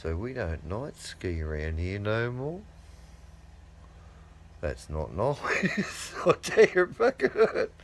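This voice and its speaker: A man's voice: lowish voice, big pitch swings, takes it slowly, long pauses. A middle-aged man, telling a rambling, profane anecdote in a casual way. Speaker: storyteller.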